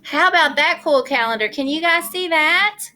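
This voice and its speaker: A woman teaches kindergarten over a video call, cheerfully coaxing young children through the online morning meeting in a sing-song way. Her voice is high-pitched, expressive and sharp-toned, at normal speed.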